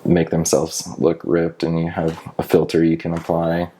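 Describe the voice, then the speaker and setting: Man, very low husky voice, casual chat, easygoing co-host. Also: completely flat delivery, normal speed, dark tone, rough recording. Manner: easygoing, brief interjections and agreement.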